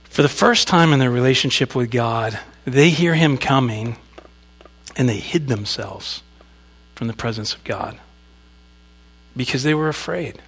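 A man's voice: medium pitch, breathy edge. Man preaching with conversational emphasis. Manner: conversational preaching, asides to the congregation, emphatic scripture reading. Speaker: pastor. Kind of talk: sermon.

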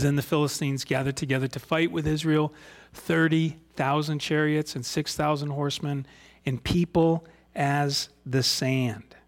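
A middle-aged man preaching a conversational sermon. He reads scripture aloud and speaks in an earnest, folksy way, with frequent rhetorical questions. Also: a little high. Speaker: pastor.

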